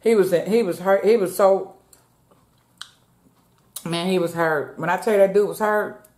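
A woman's voice: lowish voice, unhurried, darkish tone. Chatty woman vlogger who talks to her viewers as "y'all" and eats between sentences, echoey home room. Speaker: mukbang vlogger. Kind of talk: casual chat while eating.

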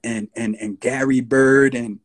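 A man in his sixties with a New York accent, a guest recalling his past in a relaxed storytelling interview. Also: mid-range voice. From United States. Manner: slow, unhurried storyteller with husky tone, breaks into voices of radio DJs.

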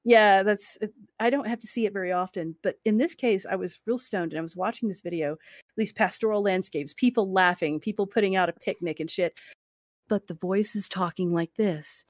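A woman chatting on a podcast, lively and casual, with loose swearing and playful mimicry. Her voice sits at an ordinary middle pitch. The sound is dry and close, with no room around it. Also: fairly quick, no room sound. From United States. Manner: animated storyteller, mimics voices, swears freely. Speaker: podcast co-host. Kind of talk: casual chat.

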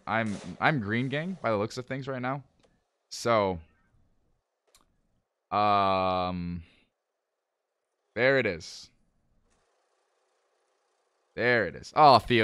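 This man talks casually with his viewers as he streams a game, switching between relaxed play-by-play and frustrated outbursts. His voice sits a bit low. The sound is close and dry, with almost no room. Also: no echo. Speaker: livestreamer playing a management game. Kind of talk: casual live gameplay commentary.

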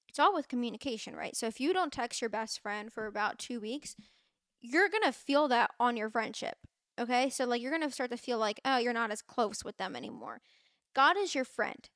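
A young woman with a slightly high voice hosts a podcast in an earnest, chatty way. She leans on fillers and restarts her sentences often. The sound is dry and close, with no room echo. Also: a bit bright. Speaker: podcast host. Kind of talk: casual faith talk to listeners.

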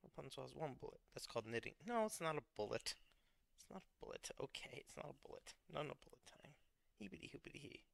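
Gravelly man muttering while knitting. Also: fairly high pitch, big pitch swings, quick pace, fairly bright tone, dry recording. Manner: mutters to himself, playful nonsense sounds. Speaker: vlogger. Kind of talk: casual chat while knitting.

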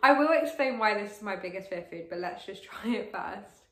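A woman in her late teens chatting to camera as a vlogger while she eats, gushing and excitable, with lots of fillers. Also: mid-range voice, moderate pace. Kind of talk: casual to-camera vlog while eating. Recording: roomy echo.

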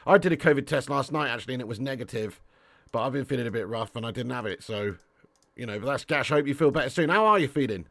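A man's voice: mid-range voice, lively intonation, quick pace, creaky, a bit bright, no echo. A young man streaming a football video game, chatting cheekily with viewers, swearing and calling them mate and legend. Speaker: gaming live streamer. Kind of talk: casual live-stream banter while playing.

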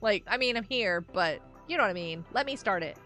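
This livestream host is a woman whose medium-pitched voice is expressive, brisk, and sharp in tone. On her casual gaming stream she chats with viewers, reads chat messages aloud, and giggles a lot, with soft music playing underneath.

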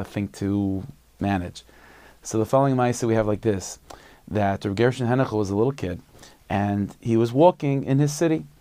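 A man's voice: fairly low pitch, creaky, darkish tone, no echo. A man, a rabbi, telling a story in a casual, conversational way with lots of fillers. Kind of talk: storytelling talk.

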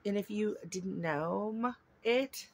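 A woman's voice: medium pitch, takes it slowly. A woman vlogger chatting casually while unboxing gifts at home, rambling and gushing with lots of fillers.

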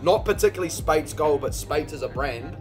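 A man's voice: fairly high pitch, expressive, brisk, a little mellow, faint music behind. A young man with a New Zealand accent hosting a casual beer tasting, swearing freely and laughing often. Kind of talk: casual chat.

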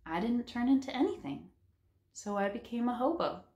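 A woman reading aloud and voicing an easygoing, blunt male hobo in a flat, matter-of-fact way. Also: fairly high pitch, moderate pace, muffled recording, pitched above the performer's own voice. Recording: roomy echo.

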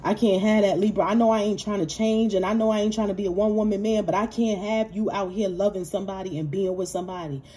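A woman's voice: mid-range voice, steady tone, quick pace, few pauses, mellow, close to an everyday voice. A woman voicing a furious, jealous ex-lover who makes profane threats. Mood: threatening. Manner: menacing, profane street talk.

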